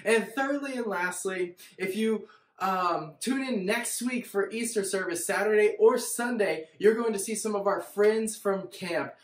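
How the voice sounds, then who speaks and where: Church announcements, friendly and upbeat, mid pitch, roomy echo. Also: unhurried. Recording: echoey room.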